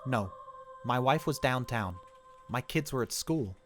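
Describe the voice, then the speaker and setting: A man voicing a frantic middle-aged shopkeeper who shouts and pleads in panic, read over music. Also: mid-range voice, lively intonation, measured pace, pitched above the performer's own voice. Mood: shaken pleading.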